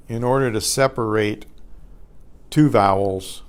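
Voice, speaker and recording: A man teaching a Spanish grammar class, explaining patiently and clearing his throat often. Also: lowish voice, takes it slowly, a little mellow. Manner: recites word lists carefully.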